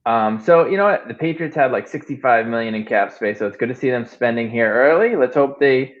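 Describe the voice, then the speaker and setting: Over dull, lo-fi audio, a male show host with a medium-pitched voice talks fairly quickly in a relaxed sports chat. He's easygoing but hesitant, frequently letting his sentences trail off.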